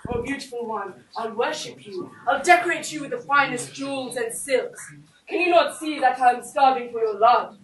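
A woman's voice: sits high, moderate pace, natural voice. A woman playing a proud, lovesick male demon king in a live stage play, heard far off in an echoey hall. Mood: pleading. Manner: pleading then defiant.

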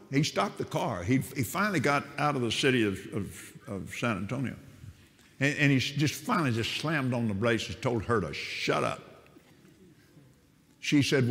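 A man's voice: mid-range voice, moderate pace. Older preacher man in a reverberant hall. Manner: animated, repeats and restarts words. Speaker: prison minister. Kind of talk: testimony storytelling.

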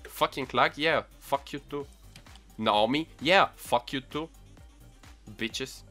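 A young man giving casual gaming commentary, excitable and quick to swear in frustration. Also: mid-range voice, faint music behind. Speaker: gaming channel host.

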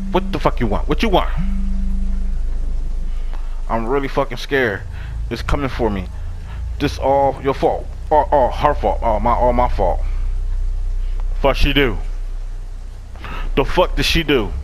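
A young man giving profane, excitable commentary while playing a horror game. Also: mid-range voice, moderate pace, pauses often, faint music behind. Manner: profane, loud outbursts at the game. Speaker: gaming YouTuber.

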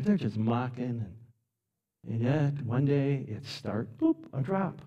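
A man preaching a sermon in a church, telling the story in an animated, dramatic way and swinging from soft to loud. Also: on the high side, normal speed, husky.

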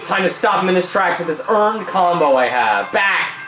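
A young man talks through a fighting game in a quick, joking way, swearing freely and bursting into yells when things go wrong. His voice sits a little high and swings widely in pitch. The room around him rings with a roomy echo, and game music plays faintly behind him. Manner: excitable, profane, jokey, yells at the game. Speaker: gaming YouTuber. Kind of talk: gameplay commentary.

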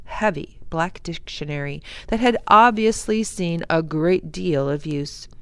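A woman reading a story aloud to children in a soft, unhurried storytelling voice. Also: on the low side, clean tone, no room sound. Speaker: library storytime reader.

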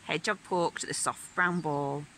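A woman reading a picture book aloud to young children in a gentle, sing-song manner. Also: deep voice, fairly even intonation, moderate pace, a little hiss or hum, rough recording. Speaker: children's storyteller.

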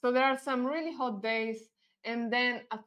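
A woman's voice: fairly high pitch, steady tone, moderate pace, fairly bright tone. A woman from Italy with an Italian accent, co-hosting a casual live chat and often tagging sentences with a questioning "no?". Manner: chatty, ends thoughts with a questioning "no?". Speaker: co-host.

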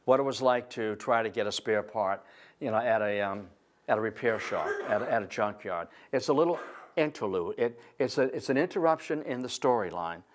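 A man lecturing on history to an audience, telling it as a lively, digressive story. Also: fairly low pitch, moderate pace. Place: library event room.

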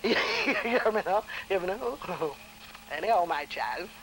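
A woman with a Jamaican accent telling a lively anecdote, laughing often and acting out the voices of the people in it. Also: fairly low pitch, normal speed, a little hiss or hum, rough recording. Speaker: storyteller.

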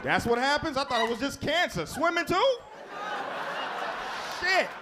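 A high-pitched man doing stand-up in a comedy club, telling profane stories with lively energy and talking to the crowd. The live recording carries a lot of noise. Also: measured pace. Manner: profane, animated storytelling with crowd work.

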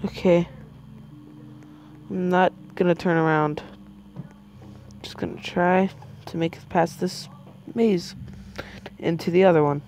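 A woman playing a scary maze game, gasping and yelling at the characters on screen. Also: on the low side, fairly even intonation, slow pace, pauses often, slight background noise. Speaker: gamer. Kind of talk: game commentary.

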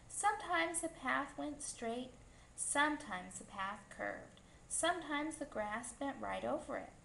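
A woman reading a picture book aloud to children in a slow, gentle storytelling manner. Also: a little high, vocal fry, slight background noise. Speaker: storybook reader. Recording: echoey room, faint ambience.

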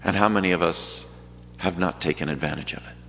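A man's voice: low voice, brisk, gravelly, sharp tone, a little hiss or hum. A man preaching a storytelling homily, acting out the voices of the crowds and of Jesus. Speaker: pastor. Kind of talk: sermon. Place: large church. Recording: church hall reverb.

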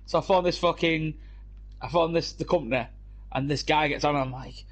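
This brisk, somewhat high male voice belongs to a young British gamer chatting with friends over a headset at home. His banter wanders from story to story, full of profanity and frequent laughs.

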